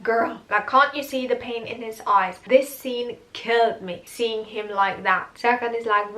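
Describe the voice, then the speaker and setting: A woman's voice: fairly high pitch, measured pace, few pauses, fairly bright tone, poor audio. A young woman casually recapping a TV drama episode, chatty and exasperated, acting out the characters' lines. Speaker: TV series reviewer.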